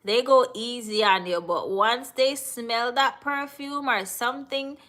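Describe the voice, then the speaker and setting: A woman's voice: on the high side, measured pace, fairly bright tone. A Jamaican woman hosting a live stream, chatting casually and answering viewers in the chat. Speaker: livestream host.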